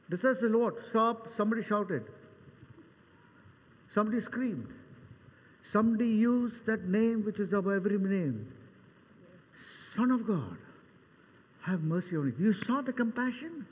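An older man preaching a sermon as pastor, dramatic, acting out Bible scenes with voices and swinging between loud and soft. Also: high voice, animated, a little slow, pauses often, breathy edge. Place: church hall. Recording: long church reverb.

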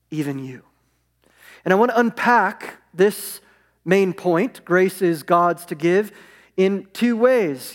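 Slow, high-voiced preacher in a reverberant hall. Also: male voice. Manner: emphatic preaching with slow stressed phrases. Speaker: pastor. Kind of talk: sermon.

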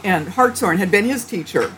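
A woman theologian answering interview questions in a thoughtful, halting way, with frequent restarts and light laughter. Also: medium pitch, expressive, a bit bright, a little hiss or hum. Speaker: theologian guest.

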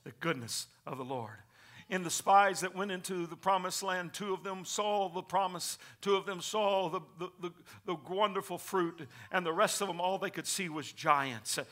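A man preaching a sermon to a congregation in church, reading scripture and swinging from hushed whispers to shouted passages. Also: high-pitched, normal speed.

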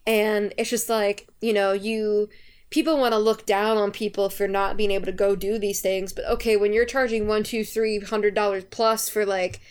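A woman's voice: medium pitch, flat delivery, normal speed, clean tone. A woman with a New York accent, talking animatedly and laughing often in a casual podcast chat. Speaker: podcast co-host.

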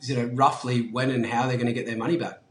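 A man with an Australian accent, a guest telling a story in a casual, animated way, swearing freely and saying "like" and "um" a lot. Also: mid-range voice, fast, reverberant, slight background noise. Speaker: guest, brand founder.

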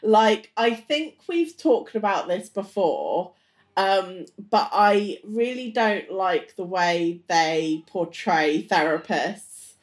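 An excitable woman co-host chatting casually, with frequent exclamations and firm opinions. She talks at a medium pitch for a woman, with loose, conversational delivery. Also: slow pace. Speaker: podcast co-host. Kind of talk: casual chat.

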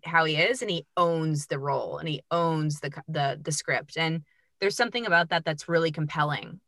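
A woman's voice: low voice, pushed and bright, no room sound. A woman guest on a podcast, chatting bubbly and freely about her voiceover work. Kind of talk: casual chat.

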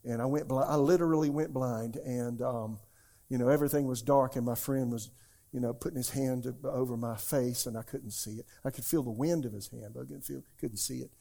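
A male pastor preaching a sermon in church to a live congregation, swinging between loud, emphatic exclamations and hushed, near-whispered asides. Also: medium pitch, fairly even intonation, brisk, vocal fry.

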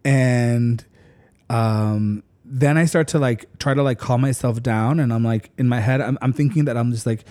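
A man on a podcast telling a story in a casual, animated way, full of "like" and casual swearing. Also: mid-range voice, normal speed. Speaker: podcast co-host.

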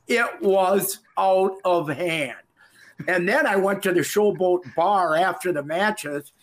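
A middle-aged man from Minnesota, a former wrestler guesting on a podcast, telling stories in a lively way and acting out the voices. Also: fairly high pitch. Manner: animated storyteller, laughs and acts out quotes. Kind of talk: casual storytelling.

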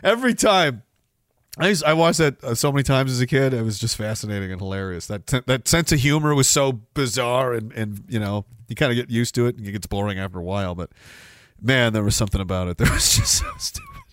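A man's voice: mid-range voice, wildly swooping pitch, fast, fairly bright tone, no echo. A man hosting a livestream who reads chat messages in a sardonic, rambling, casual way. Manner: sardonic, rambling, laughs often. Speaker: livestream host.

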